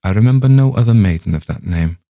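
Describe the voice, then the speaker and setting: A man voicing a grave, gentle old rabbi who speaks slowly, with old-fashioned phrasing. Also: fairly low pitch, animated, gravelly, dry recording, clean studio sound, voice pushed up. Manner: measured, compassionate, archaic phrasing.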